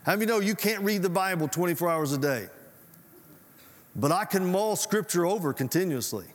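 A man preaching in a folksy, chatty way, throwing questions back at his congregation. His voice sits a little higher than most men's. The sound rings with the long reverb of a church hall. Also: lively intonation, fairly quick. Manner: folksy, conversational preaching with audience call-outs. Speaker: pastor. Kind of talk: sermon.

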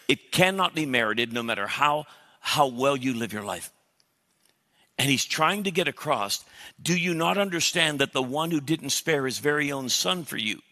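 Male pastor, sermon, bright forceful voice, lively delivery with jokes, reverberant church hall. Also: mid-range voice. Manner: animated preaching with jokes and acted-out prayers.

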